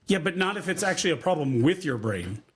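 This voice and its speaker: A man's voice: very animated, fast talker. A young adult man co-hosting a casual podcast, teasing a friend in loose banter. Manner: teasing, swings up and down in pitch. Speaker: podcast co-host.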